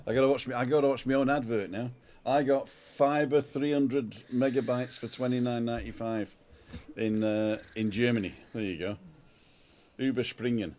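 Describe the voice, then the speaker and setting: A man's voice: mid-range voice, steady tone, normal speed, darkish tone. A man hosting a casual livestream chat on an outdoor balcony, greeting viewers and reading out their names, recorded on a smartphone. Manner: chatty, reads out viewer names. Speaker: livestream host.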